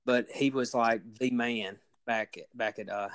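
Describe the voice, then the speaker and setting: A man telling a funny story on a casual podcast, laughing often and acting out loud quotes. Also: medium pitch, steady tone, a little slow. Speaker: podcast host.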